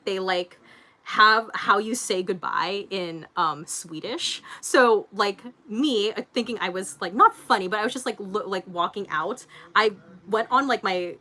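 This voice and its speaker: A woman's voice: medium pitch, sharp tone. A woman hosting a casual livestream, reading viewer comments aloud and chatting in a rambling way with lots of fillers and frequent laughter. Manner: laughs often.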